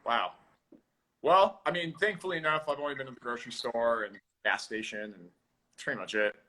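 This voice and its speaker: A man's voice: mid-range voice, sharp tone. Easygoing man chatting on a call. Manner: easygoing, rambling, halting restarts. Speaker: guest, drummer. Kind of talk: casual video-call chat.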